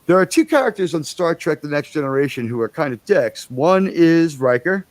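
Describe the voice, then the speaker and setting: A man's voice: on the high side, animated, normal speed, no echo. A man hosting a casual livestream, rambling and chatty, with enthusiastic, profane asides. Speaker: livestream host.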